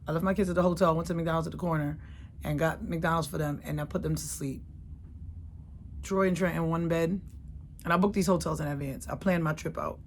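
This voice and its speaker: A middle-aged woman telling a candid, emotional personal story, dropping to a hush and rising loud by turns. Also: low voice, a little hiss or hum. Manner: candid, emotional, swings between hushed and loud.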